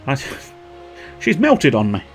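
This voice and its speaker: Joking man, lively voice. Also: medium pitch, slow, faint music behind. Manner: playful, joking, talks to himself and the game. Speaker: gaming streamer. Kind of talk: casual live gameplay commentary.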